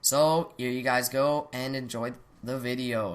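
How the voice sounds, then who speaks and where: Medium in pitch, with fairly even intonation and a measured pace, a young gaming channel host rambles through a casual weapon review on his desktop USB mic. He's chatty, keeps cutting himself off, and stops to apologize for hiccups and coughs.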